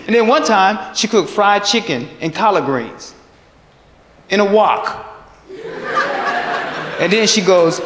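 A male stand-up comedian from Texas, performing an animated routine and laughing at his own jokes on a comedy club stage. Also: sits high, slow, pauses often, noisy background. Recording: echoey club hall with crowd. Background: audience laughter.

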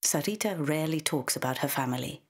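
A woman narrates a short story in a measured, intimate way. Her voice sits low and carries a husky, breathy edge. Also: expressive. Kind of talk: scripted narration.

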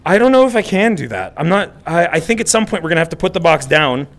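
A male streamer giving casual gameplay commentary, excitable and swearing as he talks back to the game. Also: on the high side, fast talker.

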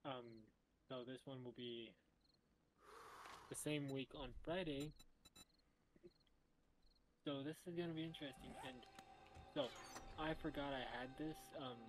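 A man chatting casually as a co-player in a gaming session, easygoing and low-key. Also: steady tone, unhurried, long pauses, over music. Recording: noisy home mic.

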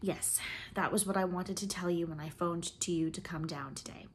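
A woman voicing a bright, dreamy young woman with a whimsical, sentimental way of talking. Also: on the low side, fairly even intonation, moderate pace, slightly rough. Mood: wistful.

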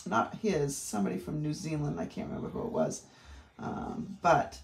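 A woman's voice: low voice, normal speed, creaky. A middle-aged woman with a Maine accent, demonstrating a craft technique in a chatty way with rambling asides. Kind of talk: craft tutorial. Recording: roomy echo.

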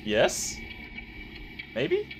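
Speaking very slowly against background noise, a young man plays a horror game. His commentary is full of jokes, swearing, and startled reactions.

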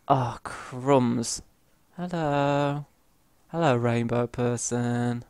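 A man's voice: medium pitch, unhurried, dry recording. A man from the UK with a British accent, commenting on his own gameplay and yelping and grumbling at the game. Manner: excitable, yelps and grumbles at the game. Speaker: gamer. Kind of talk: let's play commentary.

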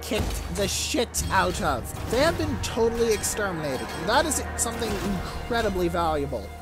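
A let's play gamer, giving animated, swear-heavy commentary while playing a strategy game. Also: medium pitch, normal speed. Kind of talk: casual gameplay commentary. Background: game music.

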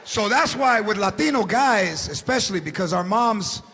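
A man in his forties doing a stand-up comedy routine on a theater stage, loudly shouting punchlines and acting out characters. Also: high voice, animated, normal speed, slightly rough. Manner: loud, shouting punchlines, acts out drunk characters. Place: large theater stage before a live audience. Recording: live theater recording with crowd noise.

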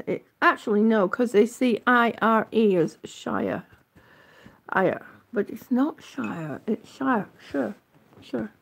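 A middle-aged woman chatting warmly with viewers on a live stream, a little out of breath, calling them honey and sweetie with drawn-out vowels. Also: a little high, gravelly. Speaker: vlogger on oxygen.

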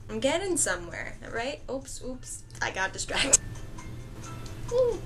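A young woman giving casual, excitable gameplay commentary, laughing and repeating herself in panic. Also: high-pitched, unhurried, pauses often, music in the background. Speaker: gaming vlogger.

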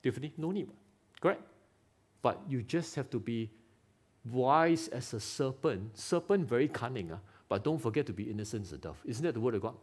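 A man preaching a lively sermon in Singaporean English, firing rhetorical questions and teasing members of the congregation by name. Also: mid-range voice, moderate pace, husky. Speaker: pastor. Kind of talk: live sermon. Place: church hall.

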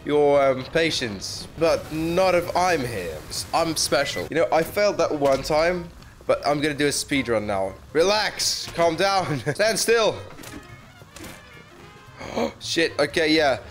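Guy playing a game n joking about himself, kinda higher voice, swears constantly, quiet music underneath. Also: animated, unhurried. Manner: joking, self-mocking, swears often. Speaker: gaming channel host. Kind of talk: casual gameplay commentary.

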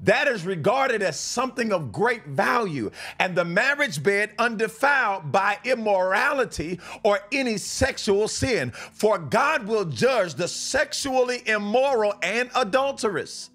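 A man's voice: sits high, big pitch swings, measured pace, few pauses, a bit bright. A man preaching and reading scripture on a live stream, fervent, repeating and restarting lines.

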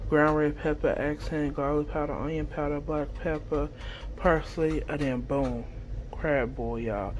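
A woman's voice: low-pitched, fairly even intonation, a little slow, a little hiss or hum. A woman vlogger chatting casually to her viewers while cooking in her home kitchen. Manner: chatty, talks straight to viewers, playful. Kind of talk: casual cooking chat to camera.

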